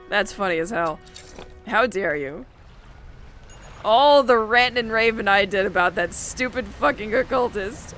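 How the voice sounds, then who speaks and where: Loud, swearing young woman streamer. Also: medium pitch, lively intonation, measured pace, faint music behind. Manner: loud, profane, laughing banter. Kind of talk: casual game livestream chat.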